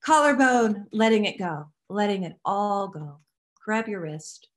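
A woman leading a guided tapping exercise, giving calm step-by-step instructions and affirmations to repeat. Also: medium pitch, a little slow. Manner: calm instructive guiding, repeat-after-me phrasing; affirming, uplifting delivery. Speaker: recovery workshop facilitator.

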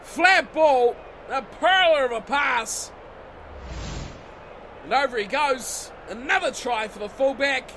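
High-voiced excitable gamer man. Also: slow pace, a little hiss or hum. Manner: excitable, swearing and yelling at the game. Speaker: gaming channel host. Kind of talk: let's-play commentary over a rugby video game. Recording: game music playing behind the voice.

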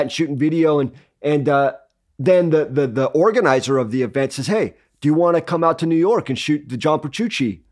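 A man co-hosting a podcast, telling a long rambling anecdote in casual chat and acting out the dialogue he quotes. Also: mid-range voice. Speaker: podcast co-host.

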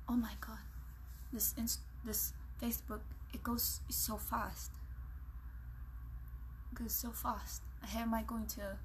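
Bright-voiced flirty woman on a livestream. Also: medium pitch, a little hiss or hum. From Philippines. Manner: flirty and teasing, often dropping to a hushed voice. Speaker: livestream host. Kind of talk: casual live-stream chat, reading comments aloud.

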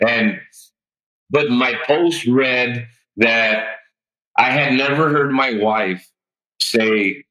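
A man on a podcast, telling his weight loss story in an animated, chatty way and peppering it with "like" and "dude". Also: mid-range voice, drawn-out words, pauses often, rough recording. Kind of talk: casual interview storytelling.

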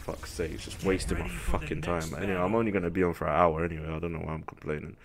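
A man's voice: deep voice, level tone, very fast, creaky. A young man streaming live, ranting at his chat in an irritated, profane way. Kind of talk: livestream chat to viewers.

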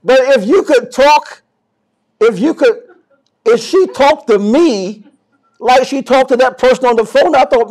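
A man preaching a sermon as pastor, swinging from soft to loud and often repeating and restarting words. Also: very high-pitched, normal speed.

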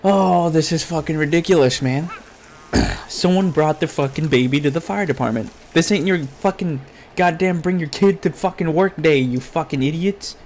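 A man's voice: fairly high pitch, normal speed, a little mellow, a little hiss or hum. Foul-mouthed exasperated gamer man. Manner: crude, exasperated ranting at the game; swears constantly, talks to his game character. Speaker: gaming YouTuber. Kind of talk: profane Let's Play commentary.

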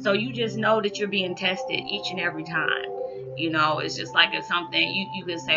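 A woman's voice: fairly low pitch, a little fast. Woman, 40s, casual rambling vlog talk, lo-fi sound. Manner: rambling, conversational, many "you know" fillers; animated, rising loud when acting out reactions. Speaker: spiritual vlogger. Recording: dull lo-fi audio with background music.

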